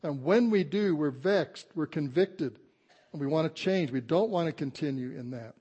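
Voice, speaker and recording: Older male pastor, warm and mellow tone with slightly raised pitch, folksy conversational sermon. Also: lively intonation, slightly rough, highs cut off. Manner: conversational preaching, slows down to stress scripture. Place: church sanctuary before a congregation.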